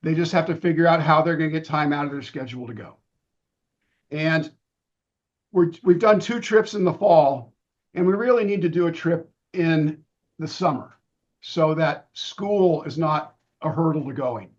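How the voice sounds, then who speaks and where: A middle-aged man losing his voice, giving a relaxed presentation with many ums and restarts over a video call. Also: a little high, moderate pace. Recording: dull lo-fi video-call audio.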